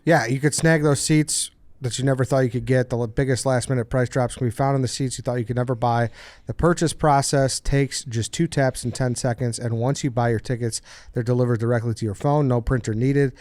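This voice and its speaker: A man's voice: medium pitch, steady tone, brisk, darkish tone, no echo. A man hosting a sports podcast, chatting easily with friends and reading an ad. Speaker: podcast host. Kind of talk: casual chat and read ad.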